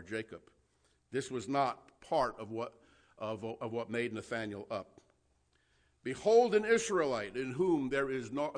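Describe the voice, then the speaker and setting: A man's voice: medium pitch, fairly bright tone. A man preaching a sermon in a conversational manner, often chuckling, checking in with "all right?" and restarting his sentences. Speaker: pastor.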